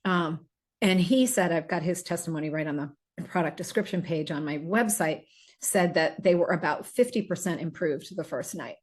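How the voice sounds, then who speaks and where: A woman's voice: fairly low pitch, moderate pace. A middle-aged woman hosting a casual podcast about herbal remedies, talking in a rambling, chatty way with many fillers and restarts. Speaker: host selling herbal remedies.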